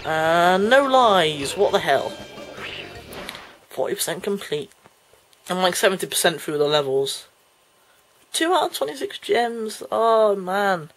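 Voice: mid-range voice, fairly bright tone, rough recording. A let's play commentator chatting casually over gameplay, breaking into frustrated outbursts and laughing at himself. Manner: self-mocking, laughs at himself. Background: game music.

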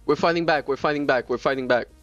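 Excitable young man streaming a game. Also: mid-range voice, quick pace, faint music behind. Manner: excitable, rambling, repeats himself in bursts. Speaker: live streamer. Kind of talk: casual live gameplay commentary. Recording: dull lo-fi stream mic.

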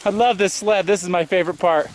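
A man's voice: high-pitched, fairly even intonation, quick pace, crowd noise. A man filming friends on a ski trip outdoors, cheering them on, teasing and laughing often in casual commentary. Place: outdoors on a snowy hill. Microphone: handheld camera.

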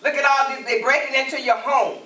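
A woman evangelist leads a sermon with a bright, forceful voice, pressing her listeners for answers. She sounds set back from the mic, and her voice rings around a roomy space. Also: sits high, steady tone, fairly quick, distant mic. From Alabama. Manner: calls out to the congregation, rising and emphatic. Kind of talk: sermon and prayer.

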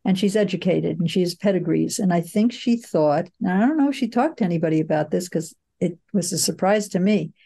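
An older woman with a low, mellow voice talks through her experiences as a producer. She tells her stories reflectively, pausing often with fillers, in a relaxed conversational interview. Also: creaky, slightly rough. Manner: reflective, storytelling with frequent fillers. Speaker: film producer, guest.

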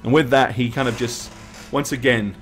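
A man's voice: mid-range voice, normal speed, a bit bright, soft background music. Male game master narrating casually. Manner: rambling, filler-heavy narration.

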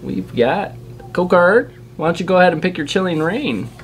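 This channel host tears into trading card packs at a normal speed, his high voice expressive. He chats with enthusiasm while unboxing, rattling off the names of the cards he pulls.

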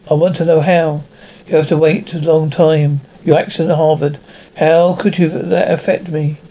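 A man playing a troubled young mutant who talks in a halting, questioning way in an archive radio drama. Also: on the high side, mellow, lo-fi sound.

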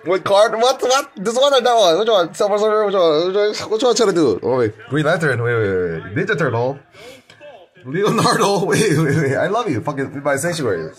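A man rambling in a casual vlog, excitable and profane, laughing often. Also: a little high, fairly quick.

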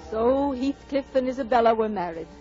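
An actress narrating a 1940s radio drama as a calm housekeeper, measured and steady. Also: female voice, on the high side, close to an everyday voice. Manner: measured storytelling. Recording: dull radio broadcast under faint music.

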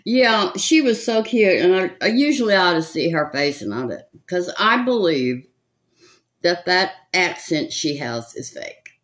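A woman's voice: on the low side, big pitch swings, a little slow. An older woman with a Southern accent, chatting casually and gossiping as she does her makeup. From California. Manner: chatty, gossipy, rambling with frequent laughs. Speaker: makeup vlogger. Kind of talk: casual chat while doing makeup.

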